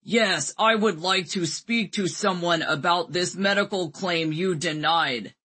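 A woman putting on a forced, robotic, masculine voice that comes out stiff and shouty, read from an audiobook memoir. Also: lowish voice, unhurried, husky, pitched above the performer's own voice. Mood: stilted.

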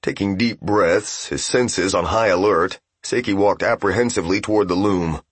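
A man narrating a fantasy game novel as an audiobook, in steady, even storytelling. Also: deep voice, normal speed, breathy edge, dry recording.

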